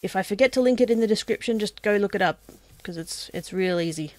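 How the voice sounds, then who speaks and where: A woman's voice: mid-range voice, fast talker, no echo. A woman giving casual commentary on her own gameplay, talking to herself as she plays. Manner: chatty, talks to herself, bursts into excited shouting. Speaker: let's play gamer.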